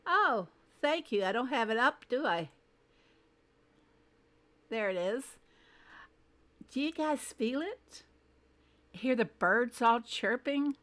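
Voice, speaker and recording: On a casual game livestream, a woman with a mid-range, slightly bright voice welcomes viewers by name, one after another. She thinks out loud while fiddling with her screen settings.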